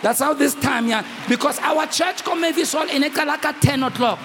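A man's voice: extremely high pitch, fairly quick, a faint crowd. A man preaching a sermon, telling a story and calling out to his congregation. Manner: preaching loudly, switching between English and local languages, calling the congregation. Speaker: pastor. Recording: reverberant hall recording, faint room noise.

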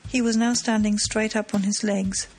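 A woman narrating an audiobook in a steady, measured way. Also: mid-range voice, a little hiss or hum, low-quality recording.

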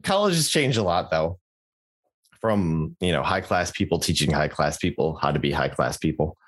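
A man's voice: a bass voice, lively intonation, normal speed, fairly bright tone, husky. A young man co-hosting a podcast, chatting casually with jokey asides and lots of fillers and restarts. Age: young adult. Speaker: podcast co-host.

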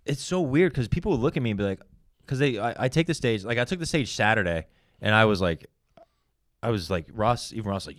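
A young male comedian in casual podcast chat, telling stories in a profane, animated way. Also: fairly low pitch, fairly quick, a crowd in the background. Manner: profane, animated storytelling with acted quotes. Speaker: stand-up comedian.

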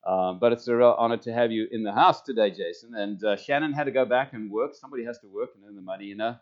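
A man's voice: medium pitch, fast talker, muffled recording. A man speaking as a pastor, giving rambling, chatty announcements to his congregation. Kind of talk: church announcements.

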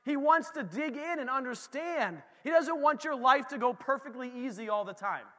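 High bright preacher in a hall. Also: male voice, normal speed. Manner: animated, talks straight to the congregation. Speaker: pastor. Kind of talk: casual conversational sermon.

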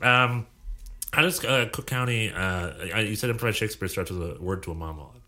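A man hosting a casual podcast chat, joking and self-deprecating and quick to laugh. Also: fairly low pitch, lively intonation, pushed and bright. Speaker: podcast host, improviser.

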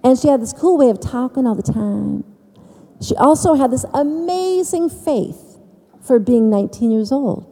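A woman telling her personal faith story to an audience, with dramatic pauses and emphasis. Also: high-pitched, animated, mellow, in a large hall. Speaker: speaker giving faith testimony. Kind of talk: personal testimony speech.

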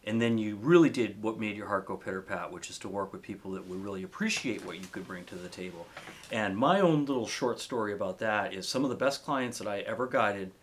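A man's voice: lowish voice, expressive, brisk. A middle-aged man from Maine, a fishing guide hosting a podcast, chatting reflectively with folksy sayings. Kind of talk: casual interview chat.

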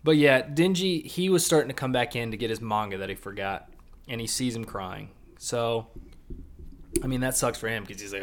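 Young male podcast co-host, casual and jokey, with loud bursts of emphasis and a mid-range voice. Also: mid-range voice, normal speed, slight background noise. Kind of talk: casual chat recapping an anime episode.

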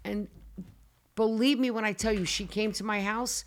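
Woman, casual podcast storytelling, dramatic, animated, swears, mid-range voice. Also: mid-range voice, normal speed. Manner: animated, dramatic, acts out her own cries and quotes, swears. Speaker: show guest telling a story.

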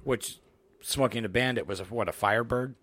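A middle-aged man co-hosting a podcast, chatting casually and telling rambling, profane, animated movie stories into a close mic. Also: medium pitch, a little fast. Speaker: podcast co-host. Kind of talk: casual chat about movies.

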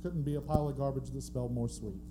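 A man's voice: mid-range voice, fairly even intonation, fast talker, dark tone, soft background music. A man co-hosting a live podcast on a theatre stage, asking questions in a jokey, upbeat way. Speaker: co-host.

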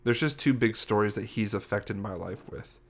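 The speaker is a young man co-hosting a casual podcast, spinning a rambling tale full of self-corrections. He talks at a normal speed in a lowish voice.

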